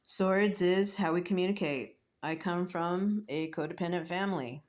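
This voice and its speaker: Lower-voiced woman musing through a tarot reading. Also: normal speed. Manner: reflective and emotional, rambling, with many fillers and soft laughs. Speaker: tarot reader and spiritual medium. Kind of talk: casual spiritual vlog, tarot reading.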